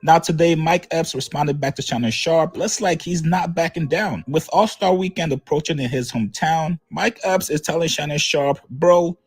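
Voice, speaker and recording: A man presenting a news-style recap with a brisk, storytelling delivery. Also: fairly high pitch, slightly rough, dry recording.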